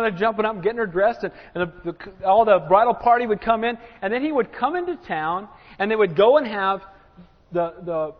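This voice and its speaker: Animated high-voiced male preacher. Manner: animated, acts out quotes, asks congregation "Amen?". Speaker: pastor. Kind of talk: sermon. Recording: dull sound with long hall reverb.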